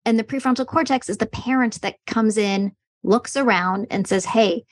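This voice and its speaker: Female podcast guest, clear explainer, lightly animated delivery, dry recording. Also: fairly high pitch, moderate pace, no room sound. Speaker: guest expert on meditation.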